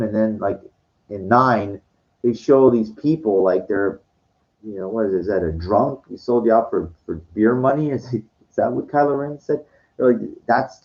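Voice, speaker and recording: Halting, passionate man with dark tone. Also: medium pitch, lo-fi sound. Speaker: host. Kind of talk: rambling movie rant.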